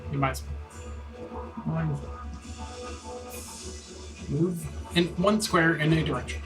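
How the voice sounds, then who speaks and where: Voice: medium pitch, slow pace, music in the background. A game master running a tabletop game, patiently explaining the rules to the players.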